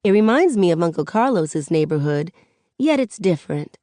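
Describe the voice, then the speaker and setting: A woman narrating an audiobook in the first person, with relaxed, conversational storytelling. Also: lowish voice, normal speed, dry recording, clean studio sound.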